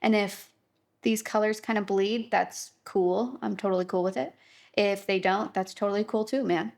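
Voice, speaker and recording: A woman's voice: medium pitch, fairly even intonation, normal speed, gravelly, darkish tone. A young adult woman teaching a casual watercolor painting tutorial, chatty and reassuring. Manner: chatty, upbeat, reassuring, lots of fillers like "kinda".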